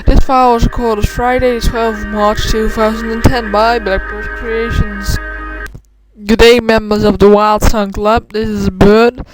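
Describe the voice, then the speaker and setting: A woman's voice: on the high side, level tone, unhurried, music in the background, low-quality recording. A woman who is a native Dutch speaker and has a cold rambles casually, trying out a Scottish accent and correcting herself often. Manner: rambling, self-correcting, many fillers. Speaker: club member vlogger.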